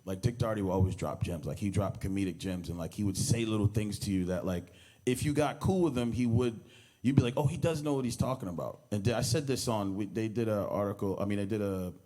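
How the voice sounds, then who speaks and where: Low-voiced man telling rambling stories. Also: fast talker, warm tone. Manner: rambling storyteller who acts out quoted lines and laughs as he goes. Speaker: comedian giving a eulogy. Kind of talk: informal anecdotal speech at a memorial. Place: memorial service hall.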